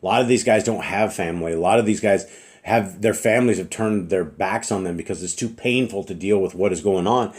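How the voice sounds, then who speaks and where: Middle-aged man, low-ish voice, earnest informal preacher, throat-clearing, slight cough. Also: a little fast, darkish tone. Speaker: religious teacher.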